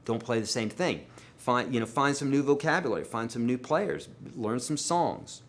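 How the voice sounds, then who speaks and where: A man of ordinary pitch takes viewer questions on a live guitar stream. He talks casually and emphatically, pushing some lines out loud and dropping others low. He calls his viewers friends and folks. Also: moderate pace. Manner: animated and emphatic, with sudden swings in loudness and pitch. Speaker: guitar teacher hosting a live Q&A.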